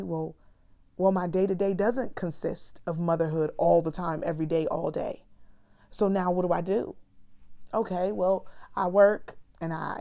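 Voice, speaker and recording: A woman shares a candid personal reflection with her audience, speaking slowly and earnestly in a low, mellow voice. Her talk is conversational, sprinkled with affectionate asides to listeners. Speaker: vlogger; mother.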